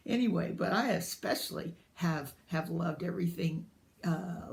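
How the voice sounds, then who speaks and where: Older woman, light Southern US drawl, gravelly texture, rambling and chatty vlog delivery. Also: lowish voice, a little mellow. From United States. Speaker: booktuber. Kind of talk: casual vlog chat.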